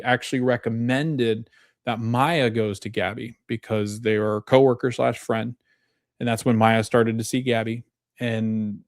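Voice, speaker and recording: A man hosting a podcast, chatting casually through a TV episode recap with animated retelling and frequent restarts. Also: on the low side, no echo, studio quality. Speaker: podcast host.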